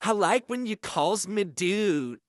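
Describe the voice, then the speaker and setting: A man's voice: high-pitched, lively intonation, dry recording, studio quality. Man doing a leering, drawling inmate. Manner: slow drawling voice with dropped grammar. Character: leering menacing male inmate, obsessive and creepy.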